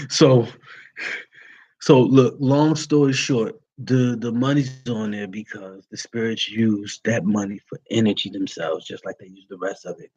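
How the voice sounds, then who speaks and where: Folksy Vodou priest talking to followers. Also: male voice, on the low side, fairly even intonation, measured pace, darkish tone, slightly rough, highs cut off. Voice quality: folksy and plain-spoken, uses y'all. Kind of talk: casual livestream talk to followers.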